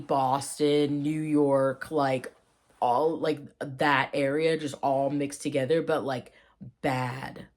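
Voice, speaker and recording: Slow-talking playful woman vlogger. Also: low voice, darkish tone. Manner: playful, rambling, jokey asides, quick tangents. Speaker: vlogger explaining old slang. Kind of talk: casual chat.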